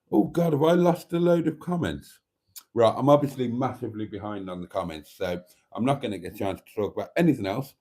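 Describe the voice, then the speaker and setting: A man's voice: lowish voice, lively intonation, a little fast, warm tone. A man hosting a live stream, chatting casually and rambling as he reads viewer comments aloud, with mild swearing. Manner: rambling, chatty, self-deprecating, swears mildly.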